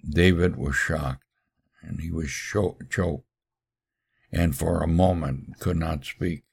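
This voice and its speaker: A male podcast preacher tells a sermon story in a solemn, measured way. His voice sits extremely low with a gravelly edge, and his pace is slow and deliberate. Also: darkish tone.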